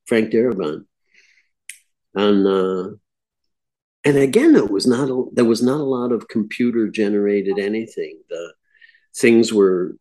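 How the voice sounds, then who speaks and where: A man's voice: low-pitched, warm tone, breathy edge. A man who is an actor guest, reminiscing in a reflective, casual interview conversation. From grew up on a farm.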